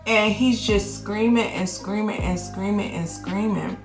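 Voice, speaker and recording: A woman nurse vlogger telling a work story in casual chat, slangy and animated, acting out what people said. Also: medium pitch, unhurried, reverberant, music in the background. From Florida. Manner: animated, slangy, acts out quotes.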